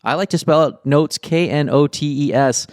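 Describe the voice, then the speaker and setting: A man co-hosts a podcast in an easy, relaxed manner and stops to restart his thoughts now and then. His voice is a touch higher than most men's. The recording is dry. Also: moderate pace, dry recording. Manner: relaxed, with frequent restarts and reading out episode facts. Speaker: podcast co-host. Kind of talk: casual podcast chat.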